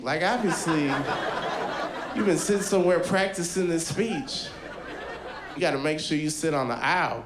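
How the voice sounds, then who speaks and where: A man's voice: fairly high pitch, roomy sound, very noisy. A man doing a stand-up comedy set, telling wry, casual stories. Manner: casual, wry storytelling with a mocking put-on bro voice.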